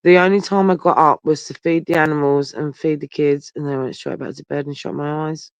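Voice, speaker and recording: Speaking fairly quickly, a yawning, tired man rambles and swears as he chats casually with viewers on a livestream, phone held very close. His slightly high voice is gravelly yet clean in tone with fairly even intonation, and the phone audio is dull, lo-fi and dry, without echo.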